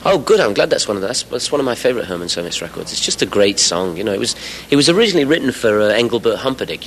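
A man in his forties from England speaks as a radio interview guest. His voice sits a little low, and he rambles cheerfully, with fillers and the odd laugh. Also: very animated, very fast, hardly any pauses, a little hiss or hum, rough recording. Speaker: musician guest.

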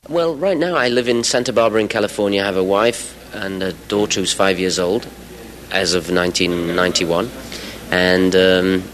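A man's voice: lowish voice, fairly bright tone, poor audio. A man in his forties from England, chatting as the guest in a radio interview, rambling with fillers and the odd laugh. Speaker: musician guest.

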